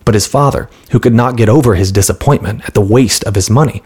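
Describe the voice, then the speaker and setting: Male narrator, deeper voice with some breathiness, steady children's storybook reading. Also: fast talker, breathy edge. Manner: calm, steady storytelling with light voices for characters.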